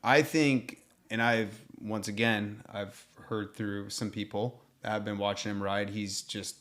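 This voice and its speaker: A man with a somewhat low voice in relaxed conversation, readily agreeing with his co-host. He pauses often on ums while he builds his points. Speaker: podcast co-host. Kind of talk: casual chat about racing.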